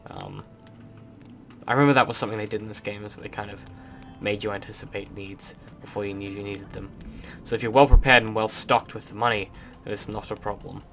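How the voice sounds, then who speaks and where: A young Australian man with an Australian accent touched with British, giving rambling, relaxed gameplay commentary full of ums. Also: lowish voice, brisk, gravelly, faint music behind. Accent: Australian, mixed with British. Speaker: let's play host.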